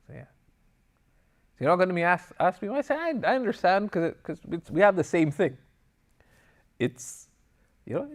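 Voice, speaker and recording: A man's voice: sits high, normal speed, long pauses. A man teaching a religious class, reading Arabic passages and explaining them in English, with personal stories. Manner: lively, switches between Arabic text and English explanation; tells anecdotes, acting out dialogue in passing. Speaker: Islamic teacher. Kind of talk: recorded class lecture.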